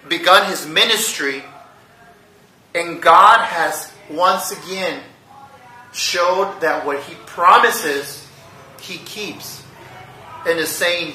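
A man delivers an earnest teaching sermon, often checking in with rhetorical questions. His voice is very bright and sits slightly high. He sounds set back from the mic in a roomy, echoey space. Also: far from the mic, slight background noise. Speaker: pastor.

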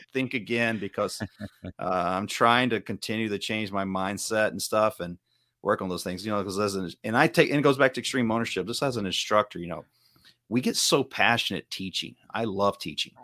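A man's voice: on the low side, moderate pace, fairly bright tone, no room sound, clean studio sound. A middle-aged man from the Southern United States, a martial arts instructor, talking in an earnest, rambling way in a casual podcast chat. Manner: rambling, earnest, self-correcting.

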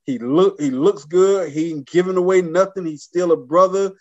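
A man's voice: high-pitched, moderate pace. Storytelling man on a muffled line. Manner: animated storyteller who acts out voices in quotes. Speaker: guest, military veteran and artist. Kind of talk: casual storytelling. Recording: dull lo-fi sound.

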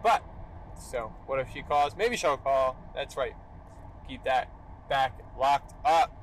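A man's voice: medium pitch, slow pace, a little hiss or hum, rough recording. A young man hosting a solo podcast, talking emphatically and tagging "all right" onto his points. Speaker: podcast host.

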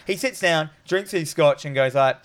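A man's voice: fairly high pitch, moderate pace. A man casually recapping a movie with a co-host, crude and joking, acting out the characters' lines. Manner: crude, joking, retells scenes in quoted voices. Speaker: podcast co-host.

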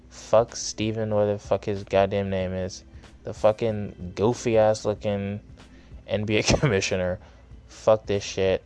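A man's voice: lowish voice, a little mellow. A young man hosting his own podcast, delivering an angry, sarcastic, profanity-heavy solo rant. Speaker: podcast host.

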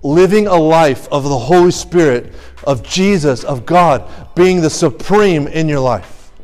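A young man with a high voice preaches a sermon to a youth crowd. He pushes hard with question after question, urgent and exhorting. Faint music plays behind him. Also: lively intonation, unhurried, darkish tone.

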